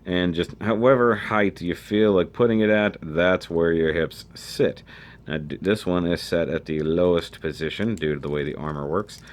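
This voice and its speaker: A man's voice: deep voice, normal speed. A man giving a casual model kit review, chatty and thinking aloud as he handles the pieces.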